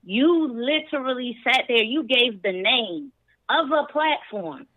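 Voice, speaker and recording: A woman's voice: on the high side, animated, slow pace, no room sound, narrow, tinny audio. A woman calling in to a podcast, giving her opinion emphatically in casual chat. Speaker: caller. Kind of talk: casual chat on a call-in show.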